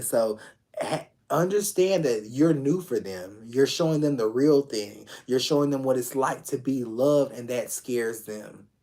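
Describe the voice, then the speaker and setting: A tarot reader streams a loose, conversational reading, addressing his viewers directly and with open affection. He repeats his phrases and lets casual swear words slip, and his voice is medium in pitch and a little mellow.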